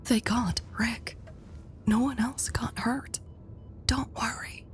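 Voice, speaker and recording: A woman voicing a tender young woman who speaks softly, often in a hushed whisper, in an audiobook. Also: mid-range voice, slow, creaky, breathy edge, faint music behind, voice pushed up, full character voice. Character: soft tearful young woman, tender lover.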